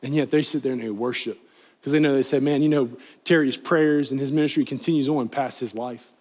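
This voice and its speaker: A man's voice: mid-range voice, steady tone, fairly quick, a little mellow. A young man, a youth pastor, preaching a sermon in a church in an earnest, conversational way, pleading and rising in emphasis. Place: church sanctuary, live congregation.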